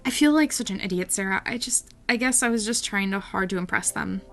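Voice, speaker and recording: A woman voicing a remorseful, overwhelmed young woman student while reading a story game aloud, in a soft, apologetic voice. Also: mid-range voice, fairly quick, background noise, close to an everyday voice. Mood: sorry.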